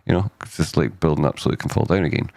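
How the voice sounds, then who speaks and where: Gravelly man rambling over charts. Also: very deep voice, quick pace, darkish tone, no echo. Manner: rambling, self-interrupting, jokey asides. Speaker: stock chart analyst host. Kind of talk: casual live market analysis.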